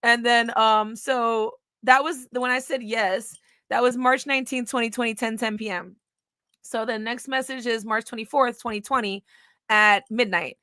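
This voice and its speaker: A woman's voice: fairly high pitch, fairly even intonation, moderate pace, bright, forceful tone, no room sound, studio quality. A woman vlogger telling a story in casual talk, reading old messages aloud in a blunt, profane, scornful way.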